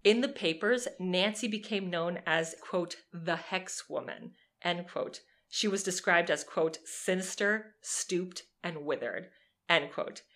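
A young woman co-hosting a podcast, telling a true crime story in a lively, sarcastic way and swearing freely. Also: fairly low pitch, measured pace. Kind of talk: casual storytelling chat.

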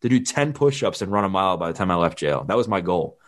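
A man's voice: sits low, lively intonation, quick pace. A man in his thirties, a fitness trainer, candidly telling his life story in a plain-spoken way and acting out the dialogue he quotes.

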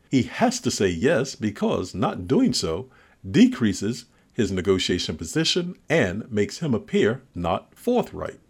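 A man reading a scripted lesson on negotiation in a measured, instructional way with deliberate emphasis. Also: lowish voice, huge pitch swings, breathy edge. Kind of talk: scripted narration.

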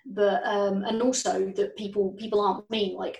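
A woman who plays bass in a band, chatting openly and rambling a little, acting out her bandmates' remarks. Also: little pitch movement, a little fast, gravelly, darkish tone. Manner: open, chatty, rambling, acts out bandmates' quotes. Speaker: band bassist. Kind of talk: casual interview chat. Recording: echoey room, distant mic.

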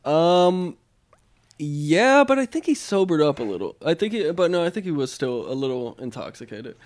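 A man's voice: a little high, sing-song, moderate pace. A young man chatting casually on a podcast, laid-back, swearing a lot and laughing often. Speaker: podcast co-host. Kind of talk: casual chat.

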